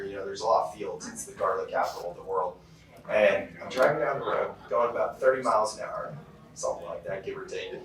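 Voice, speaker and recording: A man's voice: lowish voice, fairly bright tone, a little hiss or hum. A man from California giving a motivational keynote talk, telling stories in a casual way with lots of fillers. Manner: casual storytelling with many fillers. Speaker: keynote speaker. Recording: very echoey hall, heard from far off.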